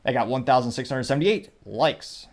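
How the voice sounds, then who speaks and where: A man hosting a casual commentary show, wryly reading out posts and their like counts. His pitch sits in the everyday middle range for a man. He rambles through asides at a loose pace. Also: normal speed. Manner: wry, rambling, reads quotes aloud with "quote, unquote". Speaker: show host.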